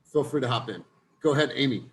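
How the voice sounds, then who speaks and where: A man's voice: medium pitch, lively intonation, quick pace, slight background noise. A young man leading a group coaching call, telling a personal story in an earnest way and speaking directly to the group.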